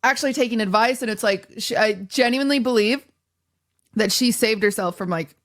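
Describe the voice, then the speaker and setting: Female podcast host, lively storyteller, slightly high register. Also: a little fast. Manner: animated storyteller, acts out quotes. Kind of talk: casual podcast chat.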